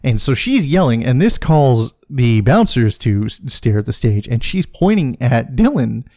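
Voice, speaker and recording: A man hosting a podcast, telling a comic personal story in a profane, animated way, laughing as he goes. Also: mid-range voice, measured pace, dry recording, clean studio sound. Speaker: podcast host.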